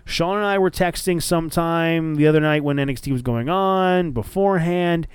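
A man's voice: on the high side, normal speed, smooth, no echo, clean studio sound. A man hosting a wrestling podcast in a casual, enthusiastic chat, loose and profane, with frequent fillers.

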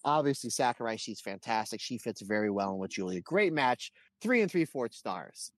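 A man co-hosting a wrestling podcast in casual chat, an animated storyteller who acts out voices in his anecdotes. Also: medium pitch, moderate pace, no room sound. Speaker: podcast co-host.

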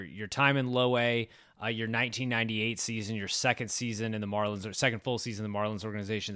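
A man's voice: medium pitch, a bit bright, dry recording, studio quality. A man hosting an interview, asking detailed questions full of statistics. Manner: detailed, stat-heavy questioning. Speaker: podcast host.

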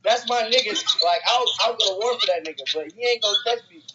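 Man, high voice, laid-back, slangy, casual chat, loud hiss. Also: fast talker. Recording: dull lo-fi audio, loud noise.

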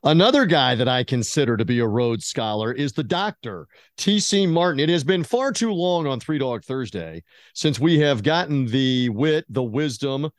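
A laid-back man hosting a sports podcast, his voice sitting at an ordinary middle pitch. The recording is dry and close. He asks long, rambling questions with an easygoing, joking manner. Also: no room sound. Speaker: podcast host. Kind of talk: casual podcast interview.

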